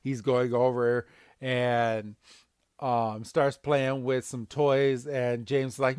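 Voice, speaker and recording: Man, podcast co-host, slow easy recap, dry close sound, pops into squeaky voices. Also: level tone, a little mellow, smooth, dry recording. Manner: acts out characters with big high-pitched voices. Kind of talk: casual episode recap.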